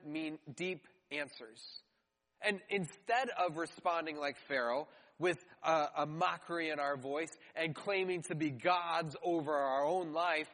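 A man's voice: a little high, a bit bright. A male pastor, preaching a conversational sermon to his congregation and acting out mocking quotes. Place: church hall. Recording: long hall reverb.

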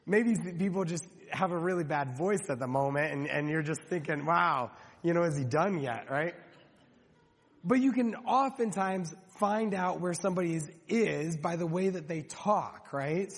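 A man's voice: a little high, moderate pace, breathy edge. A man preaching a sermon as pastor, speaking conversationally with frequent restarts and rhetorical questions. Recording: long hall reverb.

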